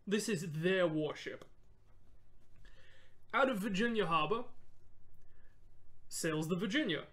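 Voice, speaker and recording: A woman's voice: fairly low pitch, expressive, takes it slowly, a bit bright. A young woman co-hosting a casual history podcast, explaining with enthusiasm and frequent laughter. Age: young adult. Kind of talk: casual chat.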